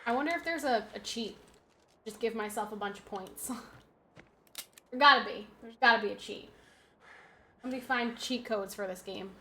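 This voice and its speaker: Young female game streamer, bright higher voice, mutters and trash-talks while playing. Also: moderate pace, pauses often. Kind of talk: casual gameplay commentary.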